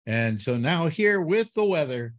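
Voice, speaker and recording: A man's voice: on the high side, big pitch swings, unhurried. A man hosting a casual call-in show, talking in a rambling way with many fillers and restarts. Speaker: host.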